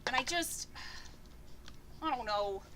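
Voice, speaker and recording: A flustered young halfling man in a tabletop game, his put-on accent slipping in and out, voiced by a woman. The voice sits high and bright. A faint hiss runs underneath. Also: animated, takes it slowly, heavily acted. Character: stressed young male halfling wizard. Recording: faint background noise.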